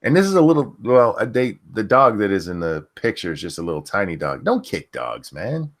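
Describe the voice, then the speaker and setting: A low-pitched man hosts a casual livestream and reads news stories aloud. His delivery swings widely in pitch. He reacts bluntly, swearing freely. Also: sing-song, a little fast. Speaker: podcast host.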